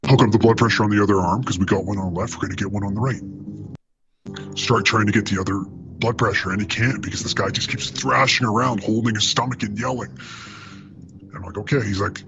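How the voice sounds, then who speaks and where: A man telling a wild paramedic story in a casual, profane, animated way, acting out the quotes. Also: lowish voice, lo-fi sound.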